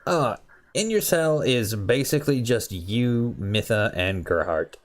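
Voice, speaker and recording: A man narrating a tabletop game as game master, unhurried and full of fillers. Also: mid-range voice, lively intonation, soft background music.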